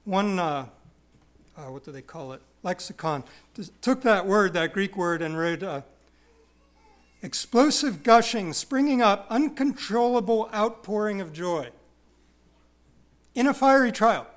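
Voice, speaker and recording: A man preaching an expository sermon, stressing key words by repeating them and dropping into quiet, self-deprecating asides. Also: high voice, expressive, a little slow, pauses often. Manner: wide swings from loud stresses to quiet asides.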